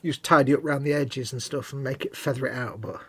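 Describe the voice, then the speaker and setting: Husky-voiced British man chatting casually. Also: medium pitch, steady tone, fast, pushed and bright. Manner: chatty, rambling, breaks into silly voices. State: snotty nose. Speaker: co-host of a live miniature painting stream. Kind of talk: casual chat while painting.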